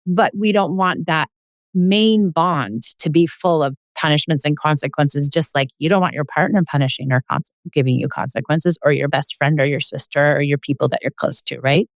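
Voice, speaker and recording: A woman with a lowish voice coaches a parent in a frank, earnest way, sometimes acting out a child's side of a scene. The sound is dry and close, with no room around it. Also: moderate pace, dry recording. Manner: earnest, direct, acts out scenes with kids. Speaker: parenting coach and podcast host. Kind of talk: coaching conversation.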